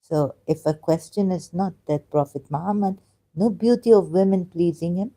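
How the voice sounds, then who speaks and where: Woman, low voice, mellow tone, halting and emotional. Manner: emotional, searching aloud, halting with fillers. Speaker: ex-Muslim commentator. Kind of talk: casual commentary reading scripture.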